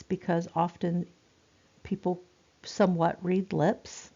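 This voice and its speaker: A woman's voice: fairly low pitch, normal speed. A woman, giving a chatty recorded nursing lecture with many fillers and repeats. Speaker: nursing instructor. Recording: dull lo-fi recording.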